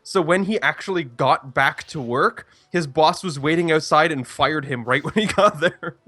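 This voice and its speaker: A man's voice: fairly high pitch, moderate pace, a bit bright, no room sound. A young man, telling a story in casual chat with restarts and rambling. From Canada. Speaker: stream co-host.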